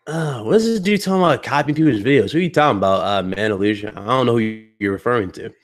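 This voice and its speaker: A man's voice: medium pitch, fast talker. A male gaming podcast host ranting to his live chat in a heated, blunt and mocking way. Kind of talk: live stream rant to chat.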